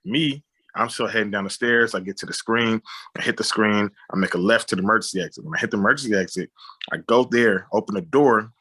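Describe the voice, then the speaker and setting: Talking fast, a director and writer being interviewed animatedly retells a story, imitating gunshots and reciting people's lines. He has a low, husky voice with a bright, forceful edge.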